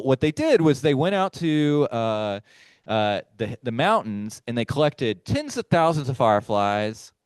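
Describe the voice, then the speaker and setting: Casual man presenting a talk; low, clear voice, speaks straight to the audience. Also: no room sound. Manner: conversational, chatty, addresses the audience directly. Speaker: firefly researcher giving a talk. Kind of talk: casual lecture to a live audience. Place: meeting room with a live audience.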